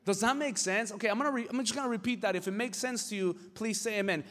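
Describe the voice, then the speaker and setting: Young male pastor, high voice, casual joking sermon delivery, chatty and animated. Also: fast, hardly any pauses.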